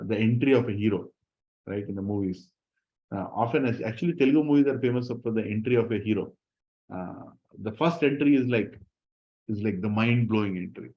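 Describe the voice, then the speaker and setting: A man leading a devotional scripture class, telling the stories with lively enthusiasm and frequent chuckles. His voice sits at a middle pitch, captured in a dull, lo-fi recording. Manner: animated storytelling with frequent laughter. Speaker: scripture teacher.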